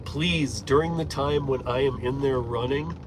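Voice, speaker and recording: A man's voice: medium pitch, normal speed. A man from Michigan, a rideshare driver, chats loosely with his stream while driving, rambling, chuckling and swearing casually. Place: inside a moving car. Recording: steady road noise from the car.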